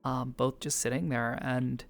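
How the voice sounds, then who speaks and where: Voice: medium pitch, flat delivery, measured pace, gravelly, faint music behind. A role-play player casually recounting a session in a rambling, amused way, with many fillers and swear words.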